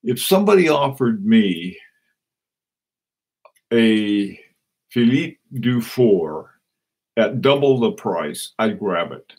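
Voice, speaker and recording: A man hosting a casual live stream, chatting and reading out viewer comments in a rambling, halting way with many restarts. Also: fairly low pitch, sing-song, a little mellow, husky. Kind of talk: casual live-stream chat about watches.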